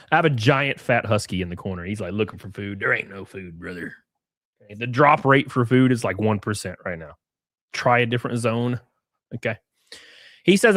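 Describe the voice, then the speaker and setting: A man's voice: fairly high pitch, dry recording, studio quality. A man hosting a live stream, reading tweets aloud with sarcastic, profane commentary and calling everyone "brother". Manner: animated, sarcastic, profane, keeps saying "brother". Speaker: streamer host.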